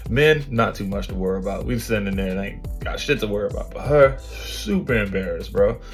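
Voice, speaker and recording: A man's voice: on the low side, a little fast, faint music behind. Slangy man hosting a reaction podcast. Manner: slangy, laughing asides, calls listeners bro. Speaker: podcast host reacting to clips. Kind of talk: casual commentary.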